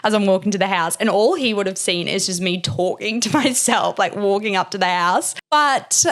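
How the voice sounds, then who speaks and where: A woman's voice: mid-range voice, moderate pace. A woman in her thirties hosting a podcast, telling a candid story in a chatty, filler-heavy way, often quoting people. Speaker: podcast host.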